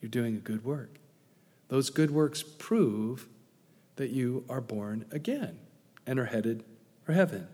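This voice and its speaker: A man's voice: medium pitch, expressive, slow pace, pauses often, mellow, husky, long reverb tail. A man preaching an expository sermon in an earnest, emphatic way, often repeating words and adding asides.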